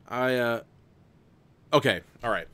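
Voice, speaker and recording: A man's voice: mid-range voice, sharp tone. A man hosting a livestream, reading a gamebook aloud casually, rambling and laughing between passages. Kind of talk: livestream gamebook narration with chat votes.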